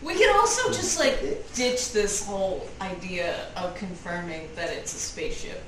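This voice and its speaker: A woman's voice: fairly low pitch, expressive, normal speed. Woman, tabletop player, casual chat, giggly, distant mic, heavy echo, background noise.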